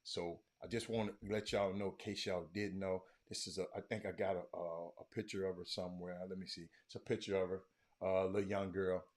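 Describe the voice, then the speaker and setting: Brisk and flat, the low male voice here comes from a sports talk host streaming from a home room. He keeps the chat casual and calls out viewers by name.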